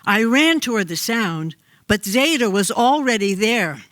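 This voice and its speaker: Slow, reflective older man reading his memoir. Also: high-pitched, expressive, a bit bright, dry recording. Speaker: writer reading his own story. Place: small studio theater stage.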